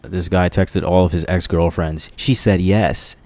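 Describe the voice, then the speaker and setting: Deep male streamer, crude rambling commentary, swears freely and laughs at his own jokes. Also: fairly even intonation, a little slow, a little mellow, no room sound. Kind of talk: casual livestream commentary. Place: dark room lit by candles.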